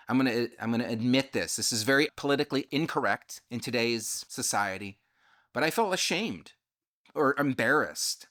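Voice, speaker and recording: A man's voice: medium pitch, animated, moderate pace, fairly bright tone. A man telling a personal story in a candid, confessional, self-reflective way, often stopping to correct and restart himself. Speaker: channel host telling his own story.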